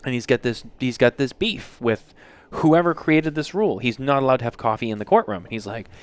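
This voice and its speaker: Male podcast host, smooth clear voice, teasing and profane, casual banter in a studio lounge. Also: medium pitch, brisk. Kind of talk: casual chat.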